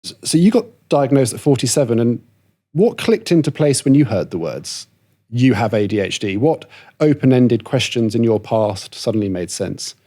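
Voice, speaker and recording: A man with a mellow, warm voice at a middle pitch hosts a podcast interview. He puts his questions in a measured, thoughtful way. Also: very animated. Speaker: podcast host.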